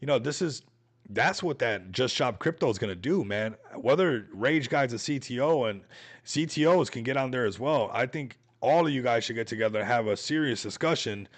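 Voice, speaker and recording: A man's voice: medium pitch, expressive, normal speed. A man hosting a casual crypto livestream, rambling and hyped, with plenty of slang. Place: Las Vegas home.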